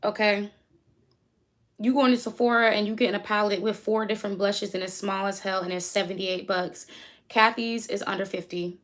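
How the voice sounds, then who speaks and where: A woman's voice: medium pitch, steady tone, moderate pace, fairly bright tone. A young American woman hosting a casual livestream, chatty and easily sidetracked, reading her chat aloud and hyping her friends. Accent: American English. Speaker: livestream host.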